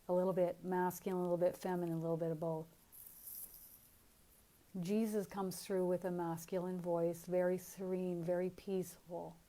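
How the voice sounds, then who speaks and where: A woman giving a spiritual teaching talk, speaking in a calm, earnest and encouraging way. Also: lowish voice.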